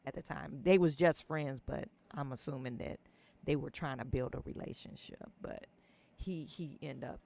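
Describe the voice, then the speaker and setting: Laid-back male co-host, gravelly, rambling delivery, low-gain mic. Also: moderate pace, a little mellow, slight background noise. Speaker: co-host of a live stream. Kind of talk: casual chat.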